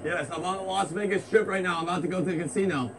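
A breathless, hyped man vlogs on a busy street and keeps repeating himself. His voice sits a little high for a man. Loud street noise surrounds him. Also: steady tone, racing. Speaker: parody vlogger host. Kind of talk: comedic vlog chatter.

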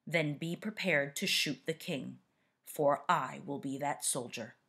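A woman's voice: low voice, measured pace, fairly bright tone, breathy edge, exaggerated voice. A woman voicing a defiant, determined king in a storybook read-aloud, speaking earnestly and urgently. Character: resolute, defiant male king.

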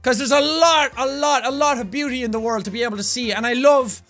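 A young Irish man riffs to his viewers in a very high, bright voice, rambling from thought to thought and bursting into loud yells. Faint music plays underneath. The delivery is loose and casual, like an online video host. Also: fast talker. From Ireland. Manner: animated, loud bursts of yelling, rambling asides. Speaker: gaming YouTuber. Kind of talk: energetic casual commentary to camera.

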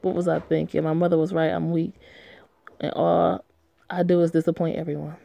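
A woman reading aloud as a troubled young woman who blames herself, in a flat, low-key way. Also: fairly quick, creaky. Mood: despairing. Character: troubled young woman, despairing and self-blaming. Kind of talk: reading a story game aloud.

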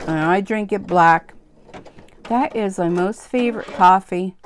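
Brief: woman, embroidery vlog host, rambling and chatty, a bit tired, slightly gravelly, faint machine hum. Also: fairly low pitch. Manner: rambling, chatty, self-deprecating, lots of fillers. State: tired, yawning. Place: home sewing room, sewing machine running.

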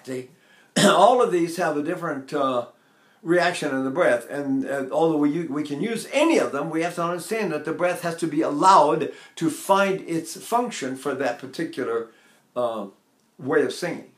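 An older male voice teacher with a slightly high speaking voice explains breath and posture. He keeps asking rhetorical questions and breaks into short sung vowels to demonstrate. The room has a noticeable echo. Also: lively intonation, moderate pace. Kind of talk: vocal technique lesson.

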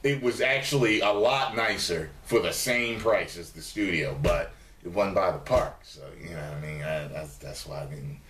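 A man vlogging casually to camera from the dining room of his studio apartment, animated and profane, and he mimics his commenters in a raised voice. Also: deep voice, normal speed, roomy sound, a little hiss or hum.

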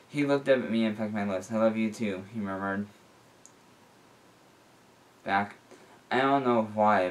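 Low-voiced man reading a story aloud. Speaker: reader.

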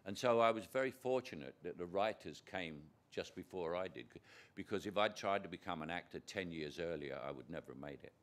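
A man's voice: low-pitched, lively intonation, brisk. An older man from Britain, a guest actor in an on-stage conversation before an audience, telling rambling anecdotes with chuckles and frequent restarts.

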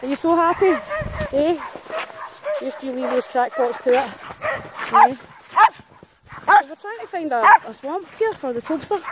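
A woman's voice: high-pitched, animated, unhurried, pauses often, very noisy. A woman vlogging as she walks a pack of dogs outdoors, chatting, teasing and calling out to them with frequent laughs. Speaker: professional dog walker. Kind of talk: casual vlog narration while walking dogs. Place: outdoors in snowy muddy countryside.

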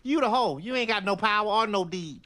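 A woman's voice: medium pitch, expressive, a little fast, a bit bright, natural voice. A woman playing a sassy, brawling old grandmother who trash-talks in a comedy skit. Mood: defiant. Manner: brash, boastful, streetwise trash talk.

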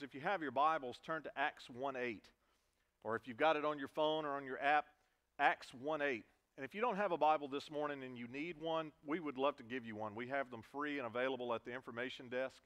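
A man's voice: mid-range voice, fairly bright tone. A man preaching a sermon in a church, earnest, stressing key words and repeating them for emphasis. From Virginia, US. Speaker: pastor. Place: church sanctuary.

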